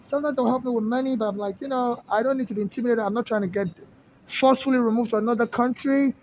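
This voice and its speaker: Man, high voice, rambling casual monologue, lots of restarts, faint background hiss. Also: steady tone, fast, a little mellow, low-quality recording. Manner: rambling, with frequent restarts and fillers.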